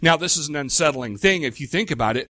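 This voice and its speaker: A middle-aged man preaching a sermon in a conversational way, with rhetorical questions and slow, emphatic pauses. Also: fairly high pitch, animated, pushed and bright, no room sound, studio quality. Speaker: pastor.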